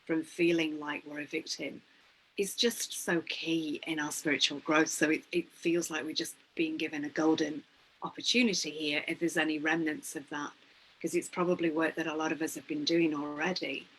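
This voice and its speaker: A woman hosting a spiritual conversation, soft and affirming, reflecting thoughtfully on what her guest says. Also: deep voice, flat delivery, moderate pace, breathy edge, poor audio. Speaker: host.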